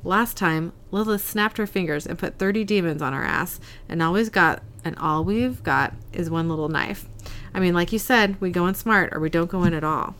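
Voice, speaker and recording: Earnest young male hunter, woman reading him, soft, pleading, plain recap voice, mid-pitched. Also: normal speed, hardly any pauses, a little hiss or hum.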